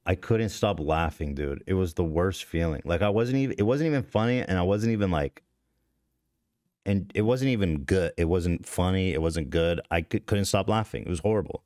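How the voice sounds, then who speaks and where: A man in his thirties hosts a podcast, speaking at a normal speed in a low voice with a darkish tone. His casual story for stream chat wanders, gets profane, turns self-deprecating, and restarts often, all in echo-free studio quality.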